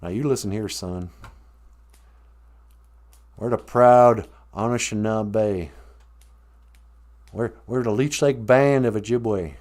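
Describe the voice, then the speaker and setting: A man putting on a Southern US accent for a slow, tough-talking warning. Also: on the low side, darkish tone. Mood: mock-tough.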